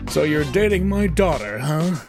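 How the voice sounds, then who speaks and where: A man voicing a gruff, protective middle-aged father who talks bluntly, firm and flat. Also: on the high side, moderate pace, pitched above the performer's own voice. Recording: voice over game music.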